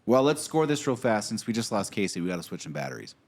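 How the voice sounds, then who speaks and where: A man's voice: lowish voice, big pitch swings, quick pace. A man in casual chat reviewing whiskey, wry and teasing, running the scoring.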